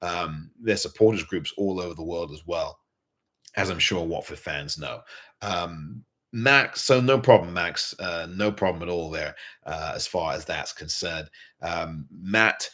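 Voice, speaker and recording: A man's voice: low voice, a little slow, sharp tone. A man hosting a fan show, giving earnest post-match commentary and repeating points for emphasis. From England.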